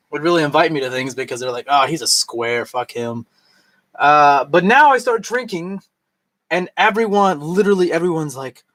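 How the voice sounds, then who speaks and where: A man in his thirties talking in a loose, rambling way while tipsy, swearing freely and mimicking other people in a higher voice. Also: a bit bright, no echo. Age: 30s. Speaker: vlogger. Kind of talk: casual rambling monologue.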